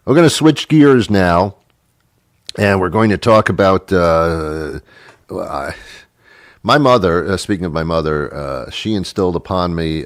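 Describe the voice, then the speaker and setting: A man's voice: sits low, no echo, studio quality. A middle-aged man hosting a radio show, delivering a rambling, wry comedic monologue with many restarts. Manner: rambling, self-interrupting, wry.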